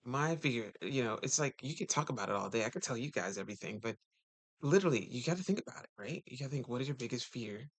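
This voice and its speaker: In a dry recording, an expressive, fast-talking man chats casually with viewers as a relationship coach. He's chatty, full of rhetorical questions and sudden pitch jumps.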